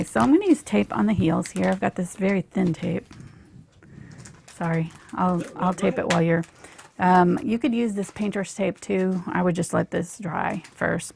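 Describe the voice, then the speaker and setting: Gravelly-voiced woman teaching painting. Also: lowish voice, a little mellow, a little hiss or hum. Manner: chatty, often drops to a near whisper while working. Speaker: painting instructor. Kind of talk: live painting tutorial.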